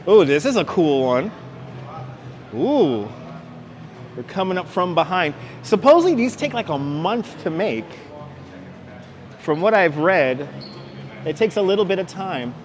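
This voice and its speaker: A man's voice: on the high side, slight background noise. A man with a New York accent hosting a casual live-streamed walking tour, chatting with viewers and reading out signs. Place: outdoor city walkway at evening. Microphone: wireless clip-on mic.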